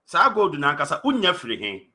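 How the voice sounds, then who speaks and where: Radio host, man, probing questions, bright higher voice. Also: wildly swooping pitch, fast.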